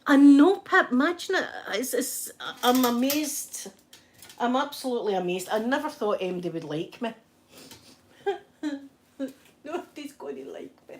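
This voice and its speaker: Chatty Scottish woman, high voice. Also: expressive, a little slow, slight background noise. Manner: chatty, storytelling, laughs often. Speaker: channel host. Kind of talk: casual chat while ironing.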